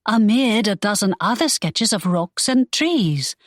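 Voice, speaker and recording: A woman reads an audiobook in studio-quality sound with no room echo, voicing a spirited young woman who protests in indignant exasperation. Her mid-range voice is expressive and a little slow, pitched above her own natural voice.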